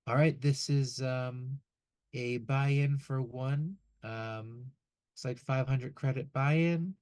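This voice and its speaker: A man narrating as game master in a relaxed way, with lots of ums and uhs. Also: mid-range voice, slow pace, clear, resonant tone, no room sound. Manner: relaxed, many fillers.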